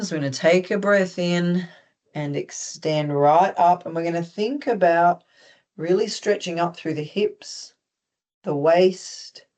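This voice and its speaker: An instructor with an Australian accent leads a group through simple stretches and breathing, speaking calmly and steadily. The cues are gently instructive, with small touches of humor mixed in. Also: medium pitch. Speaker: movement instructor. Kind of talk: guided stretching class.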